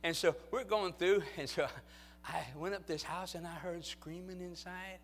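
A male pastor telling stories in a sermon, moving from low, quiet storytelling to loud, fervent exhortation. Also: fairly even intonation, normal speed, faint music behind.

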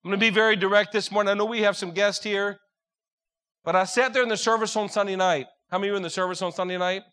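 A man's voice: sits high, steady tone, quick pace, sharp tone. A young man preaching a sermon in an earnest, direct way, telling personal stories to a congregation.

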